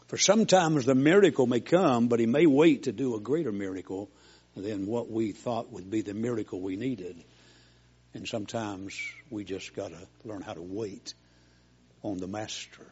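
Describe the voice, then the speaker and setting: A man's voice: lowish voice, a little mellow, breathy edge, lo-fi sound. An older man preaching a sermon in a folksy, homespun storytelling way, as a preacher.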